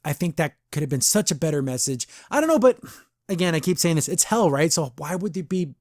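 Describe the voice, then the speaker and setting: A man's voice: fairly high pitch, expressive, brisk, darkish tone, dry recording, studio quality. A man hosting a podcast, casually reviewing an episode, rambling and laughing often. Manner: chatty, rambling, laughs often, says "I don't know" a lot. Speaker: podcast host.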